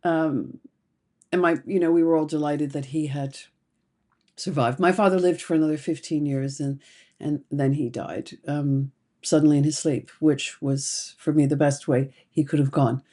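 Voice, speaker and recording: Low, mellow-voiced woman therapist. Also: steady tone. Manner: slow, deliberate, emotional storytelling. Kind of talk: reflective personal talk to camera.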